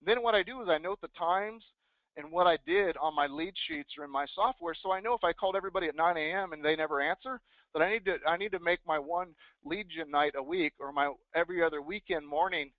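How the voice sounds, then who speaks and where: Energetic man giving a sales talk, thin sound. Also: a little high, fast, no room sound. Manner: energetic, acts out sample phone scripts. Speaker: real estate team leader and speaker. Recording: dry, phone-like thin sound.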